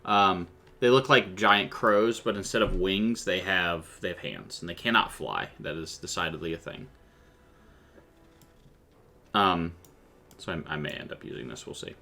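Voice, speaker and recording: A man's voice: sits low, a little slow, vocal fry, long pauses, pushed and bright. A man running a streamed tabletop game as game master, chatting animatedly with his players and viewers and breaking into vocal sound effects.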